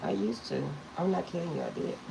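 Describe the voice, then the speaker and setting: A woman's voice: a bass voice, lively intonation, a little fast, gravelly, background noise. A middle-aged woman reading tarot, telling rambling stories to her viewers and laughing often. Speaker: tarot reader. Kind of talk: casual storytelling to viewers.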